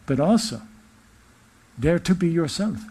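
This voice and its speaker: A man channeling a benevolent otherworldly male spirit, giving a gentle, uplifting spiritual address in a put-on English-sounding accent. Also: a little high, expressive, measured pace.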